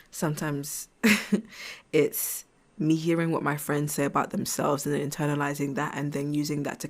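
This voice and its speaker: Low-voiced, frank woman in her twenties. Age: 20s. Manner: frank and chatty, swears, laughs often. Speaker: podcast host. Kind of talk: casual reflective solo podcast.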